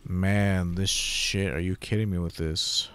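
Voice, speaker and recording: Low-ish dude playing a game, cursing, grumbling away casually. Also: male voice, fairly even intonation, a little slow, a bit bright, clean tone. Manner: frustrated, grumbling, swears freely. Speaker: gaming streamer. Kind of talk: casual gameplay commentary.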